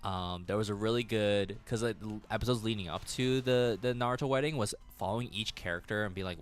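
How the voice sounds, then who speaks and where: A man's voice: on the low side, fast talker, hardly any pauses. A man streaming games and chatting casually, rambling, laughing often and swearing freely. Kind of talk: casual livestream chat.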